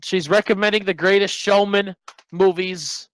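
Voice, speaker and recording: A man's voice: high-pitched, fairly even intonation, moderate pace, fairly bright tone, no room sound, rough recording. A man who is a guest on a live stream, chatting casually with playful wisecracks.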